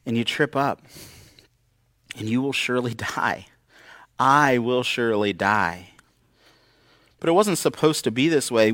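A man's voice: mid-range voice, a bit bright, no room sound, studio quality. A man preaching a conversational sermon, acting out quoted voices with wry humor. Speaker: pastor. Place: church.

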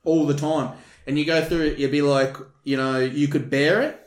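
A man's voice: on the high side, steady tone, normal speed. A man telling blunt, swearing stories about his years working nightclub security, as a podcast guest. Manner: blunt, swearing, dry storyteller. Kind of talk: casual storytelling chat. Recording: echoey room.

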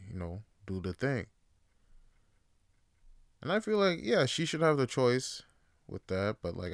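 A man's voice: low voice, clean tone, no room sound, clean studio sound. Profane, rambling man on a podcast. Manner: profane, rambling, laughs often. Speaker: podcast host. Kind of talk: casual opinion monologue.

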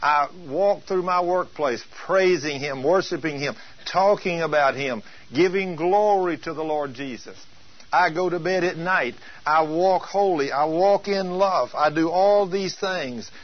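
A man teaches a sermon with a husky, slightly rough voice. He drives his points home with emphatic rhetorical questions. The recording sounds dull and lo-fi. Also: fairly high pitch, measured pace. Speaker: preacher.

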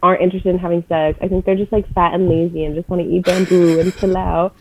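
A young woman in casual chat, talking fast with lots of fillers, blunt and swearing freely. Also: fairly low pitch, level tone, a little hiss or hum, low-quality recording.

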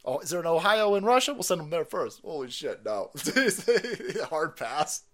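A man's voice: fairly high pitch, sing-song, a little slow, a bit bright. A man ranting on his stream as a political commentator, foul-mouthed, sarcastic and mocking. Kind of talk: profane political rant on a stream.

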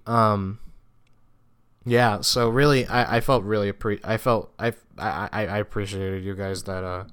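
Young man, low smooth voice, rambling solo podcast talk, profane and full of restarts. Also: a bit bright. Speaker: podcast host. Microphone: podcast microphone.

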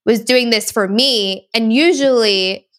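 A woman's voice: fairly high pitch, slow pace, a bit bright. A young woman, chatting casually and telling a story with many fillers. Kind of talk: casual chat.

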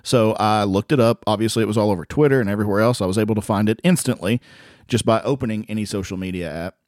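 A man's voice: lowish voice, fast talker, a little mellow, no echo, studio quality. Crude, teasing podcast co-host man. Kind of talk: casual profane banter.

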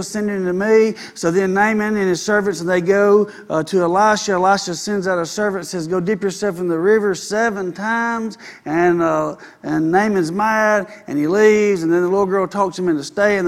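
A man preaching with a noticeably high voice. He reads scripture aloud, then retells it loosely in everyday terms, and his delivery climbs in force when he drives a point home. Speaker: pastor. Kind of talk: sermon.

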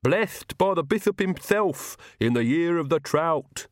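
A mock-solemn male servant, put on by a man reading a storybook aloud. The voice is raised, slow and drawn out. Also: fairly high pitch, animated, dry recording, clean studio sound, voice pushed up. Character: gleeful hidden male servant calling from above.

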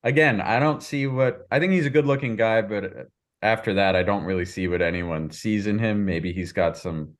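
A man with a lowish voice co-hosting a casual podcast. He gives measured, analytical commentary. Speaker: podcast co-host.

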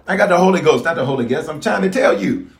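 A man's voice: a little high, expressive, fast talker, creaky. A man preaching as a bishop at a prayer service, emphatic and repetitive, calling out to his congregation. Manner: emphatic, repeats phrases, calls to congregation. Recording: echoey room.

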